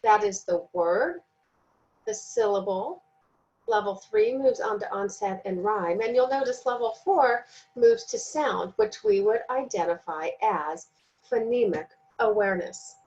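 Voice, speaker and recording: A woman giving a recorded training lesson, speaking slowly and deliberately and sounding out words syllable by syllable. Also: mid-range voice, darkish tone, dull audio. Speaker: teacher trainer.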